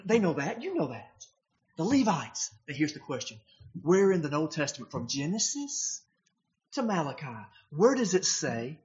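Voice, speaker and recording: A man's voice: on the high side, sing-song, normal speed, darkish tone, lo-fi sound. A man preaching a sermon, emphatic and posing rhetorical questions to his congregation.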